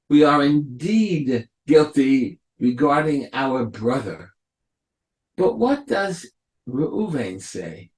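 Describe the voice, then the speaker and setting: A man, a rabbi, giving a Torah lecture, explaining slowly and acting out the quotes of biblical figures. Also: fairly high pitch, very animated, a little mellow. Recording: echoey room.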